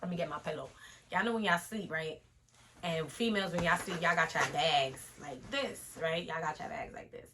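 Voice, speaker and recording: A young woman, telling an animated casual storytime vlog straight to her viewers. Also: sits low, moderate pace, noisy background.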